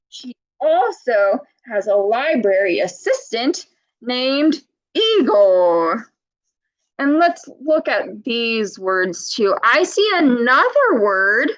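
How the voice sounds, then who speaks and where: A woman reading a children's picture book aloud, pausing to point out words and ask young listeners questions in a clear, teacherly way. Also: a little high, fairly bright tone, lo-fi sound.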